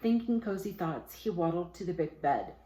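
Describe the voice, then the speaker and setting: A woman teacher reads a children's picture book aloud in a fairly low voice. The room around her rings with a noticeable echo. She gives the characters lively voices. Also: normal speed. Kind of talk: storybook read-aloud.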